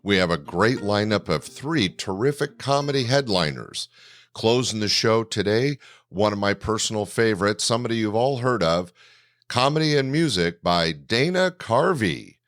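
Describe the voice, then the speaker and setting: A man with a lowish voice introduces comedy acts in an upbeat announcer style. The sound is dry and close, with no room around it. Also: animated, moderate pace, fairly bright tone, dry recording. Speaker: host. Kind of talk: scripted show introduction.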